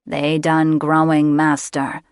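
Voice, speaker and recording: A woman's voice: low voice, completely flat delivery, smooth, no echo, clean studio sound. Woman voicing a nasal malformed griffin servant. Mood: servile. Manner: broken grammar, slow, servile. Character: malformed male griffin servant, dim and eager. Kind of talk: audiobook character voice.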